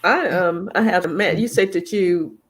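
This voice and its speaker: A woman's voice: on the low side, measured pace, slightly rough. A woman co-hosting a casual interview, chatty and encouraging as she asks questions. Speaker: co-host.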